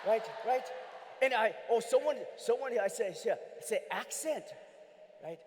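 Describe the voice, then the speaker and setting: A man's voice: very high voice, expressive, unhurried, a little hiss or hum. A man putting on a clipped broken-English persona in a big hall. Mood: teasing. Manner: clipped broken English, dropped articles, shouting to the crowd. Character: male immigrant persona speaking broken English, playful. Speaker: keynote speaker. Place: large convention hall. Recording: long reverb of a big hall.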